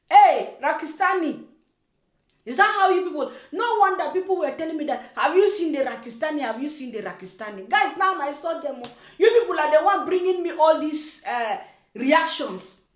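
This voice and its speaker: Indignant high-voiced woman scolding. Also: echoey room. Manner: indignant, mocking, repetitive. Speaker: reaction video host. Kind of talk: scolding commentary.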